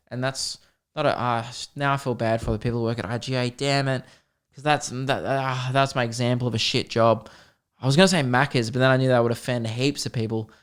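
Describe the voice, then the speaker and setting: Australian man in his twenties, solo podcast rant, smooth tone, self-deprecating. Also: medium pitch. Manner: sweary, rambling and self-deprecating. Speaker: podcast host and comedian.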